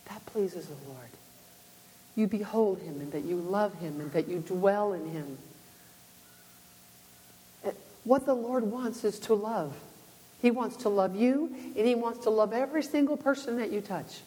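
A woman's voice: medium pitch, normal speed, warm tone. A woman giving a conversational sermon, telling her own story earnestly with many restarts. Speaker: speaker sharing a testimony. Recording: long hall reverb.

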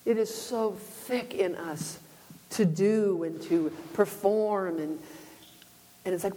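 A woman's voice: mid-range voice, animated, takes it slowly, long pauses, dark tone. Earnest woman preaching in a reverberant hall. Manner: earnest, storytelling, frequent restarts. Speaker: speaker sharing a testimony. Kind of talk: conversational sermon.

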